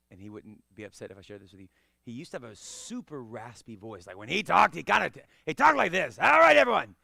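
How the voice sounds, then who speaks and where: Brief: male karate teacher, gravelly and bright, dry close sound. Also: fairly low pitch, no room sound. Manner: coaching, encouraging, checks understanding often. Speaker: karate instructor. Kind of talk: live martial arts class teaching.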